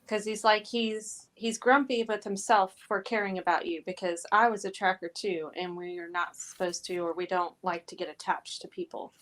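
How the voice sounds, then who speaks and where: A woman's voice: mid-range voice, steady tone, moderate pace, few pauses, fairly bright tone. A woman in a casual book discussion, agreeing eagerly and sharing her reactions. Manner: enthusiastic, agreeing. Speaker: discussion guest.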